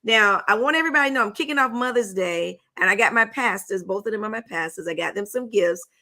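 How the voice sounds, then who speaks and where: Bright-voiced chatty woman hosting. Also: medium pitch, quick pace. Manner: chatty and playful, with folksy phrasing. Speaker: talk show host. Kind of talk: casual chat, hosting a game.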